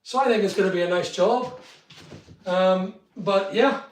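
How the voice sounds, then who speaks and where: A man's voice: high voice, unhurried, very noisy. A middle-aged man, chatting casually on a live stream and greeting viewers by name. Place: studio room being built. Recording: echoey unfinished room.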